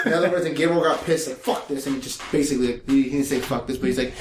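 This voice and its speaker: A man's voice: on the high side, sing-song, fast talker, a bit bright, echoey room, slight background noise. A man co-hosting a podcast, telling a story in casual chat, swearing freely and acting out the quotes. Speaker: podcast co-host.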